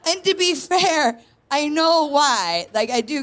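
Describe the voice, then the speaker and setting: A woman's voice: high voice, animated, takes it slowly, fairly bright tone. A woman in her thirties doing a confessional, self-mocking stand-up set on a live stage, telling stories with punchy asides. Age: 30s. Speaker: stand-up comedian, co-host. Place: live stage in a tent venue before an audience.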